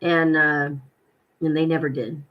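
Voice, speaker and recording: A woman's voice: sits low, little pitch movement, unhurried, dull audio. A middle-aged woman vlogger telling a personal story in a rambling, indignant way, with many ums and restarts.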